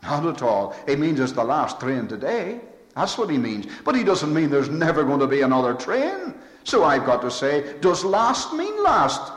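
Male preacher, lively pitch, emphatic repetitive delivery, recorded in an echoey hall. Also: moderate pace. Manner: emphatic, repetitive preaching with swelling rhetorical lists. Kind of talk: sermon. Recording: echoey hall with long reverb.

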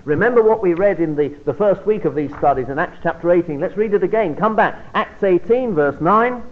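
Animated preacher over a narrow line. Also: male voice, high voice, brisk, few pauses. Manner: expressive, emphatic delivery with sudden drops to quiet. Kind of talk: Bible study sermon. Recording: phone-like narrow band.

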